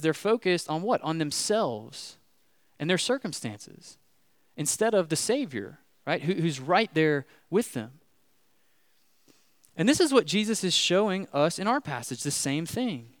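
A man's voice: a little high, no room sound, clean studio sound. A man preaching a conversational sermon in a casual way, often checking in with "right?". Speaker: pastor.

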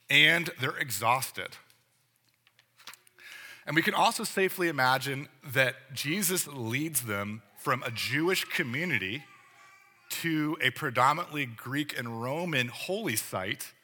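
Guy preaching in a church, super bright voice, long echo in the hall, asks lots of questions. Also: on the high side. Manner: conversational preaching with rhetorical questions. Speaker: pastor. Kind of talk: sermon. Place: church sanctuary.

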